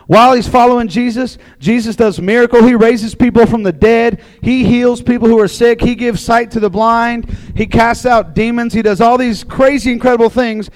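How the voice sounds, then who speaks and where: A high-voiced man tells a Bible story as a casual sermon, chatty and animated. His voice is recorded dry and close, with almost no room sound. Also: moderate pace, hardly any pauses, no echo, low-quality recording. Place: room with a live audience.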